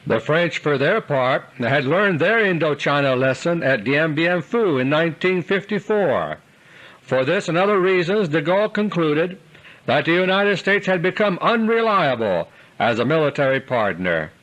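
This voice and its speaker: A man delivering a scripted political commentary monologue in an earnest, deliberate way, slowing down for emphasis. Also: a little high, very animated, fairly bright tone, low-quality recording. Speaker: commentator delivering a recorded audio letter.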